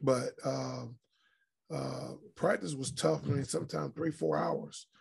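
A man's voice: mid-range voice, slow, creaky, husky. A middle-aged man, a retired athlete and podcast guest, telling profane, blunt stories in a casual interview. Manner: profane, blunt, animated anecdotes. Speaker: retired pro basketball player, guest.

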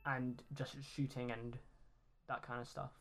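A woman game master narrates a dark scene in a slow, low-key way. Her voice sits very deep for a woman, and she keeps the delivery quiet and steady. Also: soft background music.

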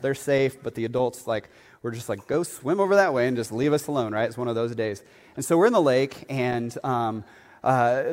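A man, a pastor, telling a story in a sermon, chatty and animated, with lots of fillers and asides. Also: mid-range voice, long reverb tail. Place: church sanctuary.

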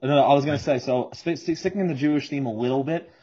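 Fast-talking mellow male host. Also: mid-range voice, husky. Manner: eager with restarts. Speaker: podcast co-host. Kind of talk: casual podcast chat. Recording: dull lo-fi sound.

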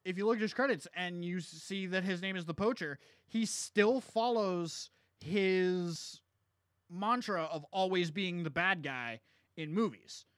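A man's voice: high voice, measured pace, a bit bright, dry recording, studio quality. A young man co-hosting a casual movie podcast, laid-back and methodical as he recaps plots, swearing now and then. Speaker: podcast co-host. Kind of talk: casual movie-review chat.

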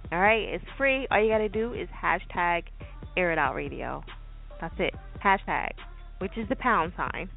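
A woman's voice: lively intonation, moderate pace, gravelly. A woman hosting a call-in radio show, talking in a blunt, profane, chatty way. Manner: acts out voices in high squeaky tones. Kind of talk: casual call-in radio talk. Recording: tinny phone-line sound with music behind.

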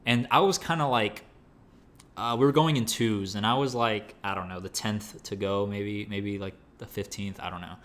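A young man telling a story in casual, animated speech, full of slang, fillers and restarts. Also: on the low side, normal speed. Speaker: storyteller recounting training.

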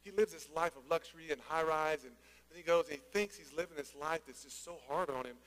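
A man preaching a sermon, energetic and conversational, with joking asides. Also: fairly high pitch, quick pace. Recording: long hall reverb.

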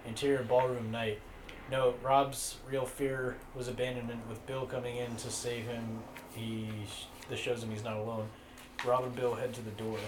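Man, deadpan narrator, comedy script read, echoey room, faint hiss. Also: mid-range voice, moderate pace. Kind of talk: reading stage directions aloud.

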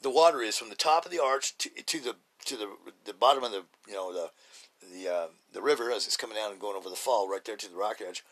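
Rambling man with a bright, forceful voice. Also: lowish voice, quick pace. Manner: rambling, blunt, with many fillers and restarts. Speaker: podcast host. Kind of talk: casual monologue.

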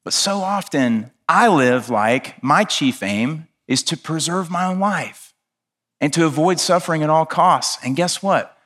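A man's voice: fairly high pitch, expressive, a little slow, fairly bright tone. A man, a pastor, preaching a sermon in an earnest, impassioned way, telling stories with conversational asides.

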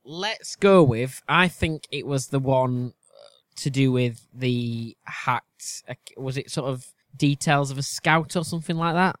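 A man's voice: medium pitch, measured pace, no room sound. Hesitant man thinking aloud. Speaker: quiz contestant and co-host. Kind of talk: casual chat.

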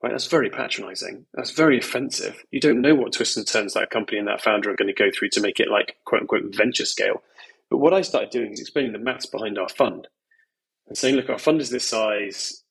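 Brief: male investor guest, frank and emphatic, a little husky, loose filler-heavy talk. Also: fairly low pitch, quick pace, fairly bright tone, low-quality recording. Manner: candid, emphatic, peppered with "you know" and "like". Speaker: venture capital investor, guest. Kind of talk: podcast conversation.

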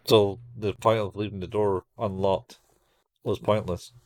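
Low guy chatting on a podcast, dry mic, rambly, does silly voices for quotes. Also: level tone, a little slow, a little mellow, dry recording. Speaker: podcast co-host. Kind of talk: casual chat recapping an anime.

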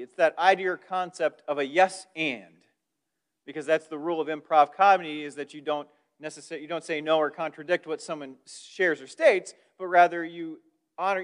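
A man with a notably high-pitched voice delivers a sermon as a pastor. He teaches in a relaxed, conversational way, adding casual asides and restarting his sentences as he goes.

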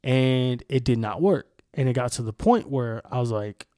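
A man's voice: medium pitch, lively intonation, normal speed, darkish tone, no room sound, studio quality. Candid, profane young man telling a story. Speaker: podcast host. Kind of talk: casual storytelling chat.

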